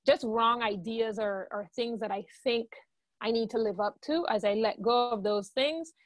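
A woman's voice: on the high side, moderate pace, no echo. A woman with a Guyanese accent speaks in a slightly raised register, sharing her own experience in a candid, reflective way. The recording is dry, with no room sound. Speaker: guest songwriter. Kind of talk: podcast interview.

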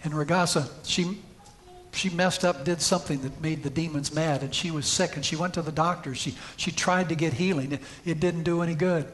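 High-pitched male preacher, storytelling sermon with emphatic peaks, church setting. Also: fairly even intonation, fairly quick, fairly bright tone, a little hiss or hum. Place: church sanctuary.

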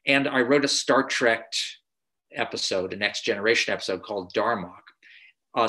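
A man's voice: medium pitch, pushed and bright. A man giving a masterclass lecture as a screenwriter, telling anecdotes in a conversational way with frequent filler sounds and restarts.

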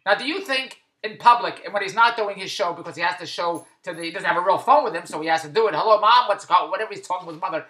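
In an echoey room, a comedic monologuist with a lowish, fairly bright voice races through an exasperated rant with few pauses. She keeps stammering into restarts and asking the same questions again and again.

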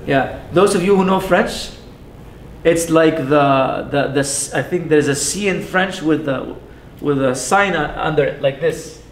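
High-voiced man teaching in an echoey hall. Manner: patient, repeats sounds slowly, asks the class questions. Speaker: Arabic teacher. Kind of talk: classroom lesson. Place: mosque classroom. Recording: echoey room with faint rumble.

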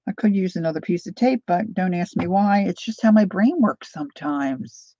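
A middle-aged woman hosting a crafting livestream, chatting warmly to viewers while she works. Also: fairly low pitch, normal speed, no echo, muffled recording.

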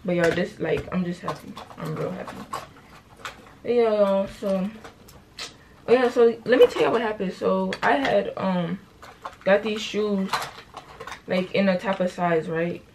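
A woman's voice: medium pitch, measured pace, pauses often, darkish tone, a little hiss or hum. Chatty teen girl vlogging. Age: late teens. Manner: chatty, rambling storytelling, keeps saying y'all; slangy and self-correcting. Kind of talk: casual get-ready-with-me vlog chat. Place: at home getting ready.

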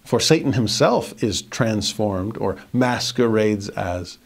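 A middle-aged man teaching a verse-by-verse scripture lesson, reading verses slowly and commenting with animated emphasis. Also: fairly low pitch, gravelly, slight background noise.

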